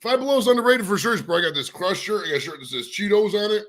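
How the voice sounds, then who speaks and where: A man joking around with friends, fast and loose, calling people bro. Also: sits high, sing-song, fairly bright tone. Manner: fast, jokey, says bro a lot. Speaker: friend on the show. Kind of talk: joking banter.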